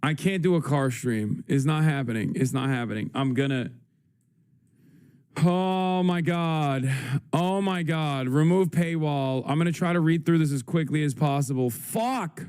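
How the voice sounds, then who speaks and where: A man's voice: fairly high pitch, normal speed, a little mellow, clear, resonant tone. Frantic swearing young male streamer. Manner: frantic, swearing, thinking aloud. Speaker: livestream host. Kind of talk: casual livestream commentary.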